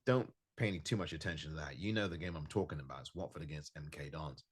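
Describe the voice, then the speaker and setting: A man's voice: a bass voice, quick pace, husky. A man hosting a solo football podcast, reviewing a match in an emphatic, frustrated way and repeating himself for stress. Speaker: podcast host. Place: home recording in California.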